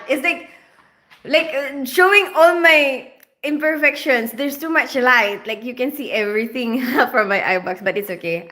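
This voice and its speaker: A woman's voice: a little high, pushed and bright. A woman from the Philippines with a mixed Filipino and British accent, hosting a livestream, chatting casually as she reads viewers' comments and laughing often. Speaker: livestream host. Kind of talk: casual live chat reading comments. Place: home, lit for camera.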